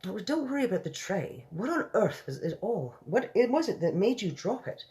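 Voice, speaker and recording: A woman's voice: mid-range voice, sing-song, moderate pace, dark tone, voice pushed up, natural voice. A woman reading a storybook aloud and voicing a refined, self-controlled elderly queen with a posh, exclamatory manner. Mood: commanding.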